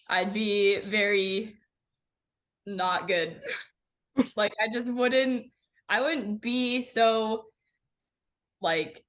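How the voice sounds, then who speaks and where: A young woman guest on a racing podcast, chatting in a bubbly, animated way full of "like" fillers. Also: medium pitch. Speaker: guest racer. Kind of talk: casual podcast chat.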